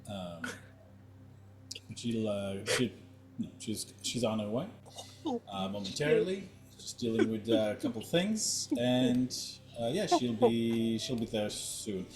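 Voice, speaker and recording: A man's voice: medium pitch, very animated, takes it slowly. Hesitant man running a tabletop game. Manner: hesitant, heavy on fillers. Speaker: game master.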